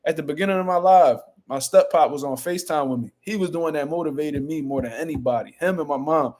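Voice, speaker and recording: A man's voice: fairly high pitch, fast, darkish tone. A young man hosting a boxing channel, chatting casually on a livestream in a boastful, profane, rambling way.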